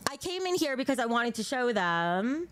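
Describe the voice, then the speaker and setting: A woman's voice: on the high side, sing-song, normal speed, fairly bright tone. A young adult woman livestreaming in a casual chat, gushing and emotional, rambling as she talks to her viewers.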